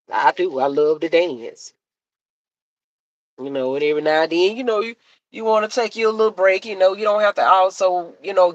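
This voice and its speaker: A woman's voice: low voice, no echo, muffled recording. A middle-aged woman chatting casually to her live-stream viewers, repeating herself and laughing easily. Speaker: live-stream content creator.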